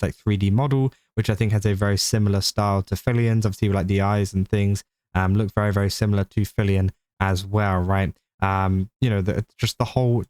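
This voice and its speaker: A man's voice: on the low side, darkish tone, dry recording. A young British man casually commenting on clips, rambling with lots of fillers and restarts.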